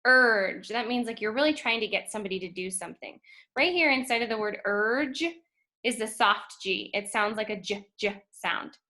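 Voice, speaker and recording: A woman teaching a phonics lesson to first graders, speaking slowly and clearly and stretching out letter sounds. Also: fairly high pitch, bright, forceful tone. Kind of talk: phonics lesson for young children.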